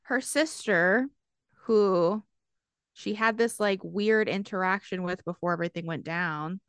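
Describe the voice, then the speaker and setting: A woman's voice: medium pitch, unhurried, a bit bright, clean tone, no echo, clean studio sound. A young woman co-hosting a podcast, giving blunt, profane opinions on a book in casual chat. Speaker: podcast co-host.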